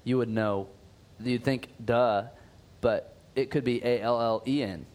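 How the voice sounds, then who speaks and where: A man's voice: medium pitch, steady tone, unhurried, a little mellow. A man co-hosting a casual comedic podcast, rambling and jokey, over-explaining small details. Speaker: podcast co-host.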